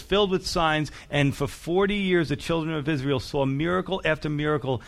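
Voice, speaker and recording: A man's voice: medium pitch, vocal fry. A man preaching a sermon, reading scripture aloud and acting out the voices of the people in it with emphatic, rising questions. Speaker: pastor.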